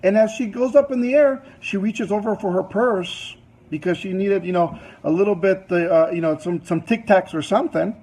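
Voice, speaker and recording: A man's voice: high-pitched, normal speed, darkish tone, breathy edge, poor audio. A man presenting to a business audience, telling a long anecdote in a loose, chatty way full of fillers and asides.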